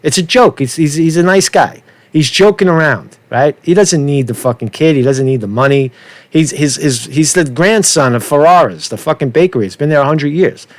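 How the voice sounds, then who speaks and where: A man's voice: a little high, normal speed, no room sound. A man doing ranting street commentary for his vlog, swearing a lot and tagging nearly every point with "right?". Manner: profane, keeps asking "right?". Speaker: street vlogger.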